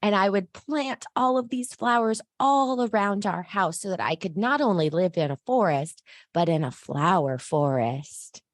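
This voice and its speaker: A woman's voice: medium pitch, expressive, unhurried, no room sound, clean studio sound, close to an everyday voice. A woman voicing Gruntled, a cheerful new dwarf, in an upbeat put-on happy voice.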